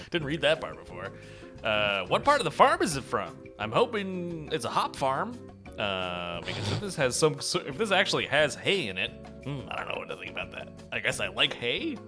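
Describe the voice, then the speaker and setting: A man's voice: medium pitch, wildly swooping pitch, normal speed, music in the background. A man co-hosting a casual podcast, joking around and laughing often. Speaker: podcast co-host. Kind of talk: casual chat.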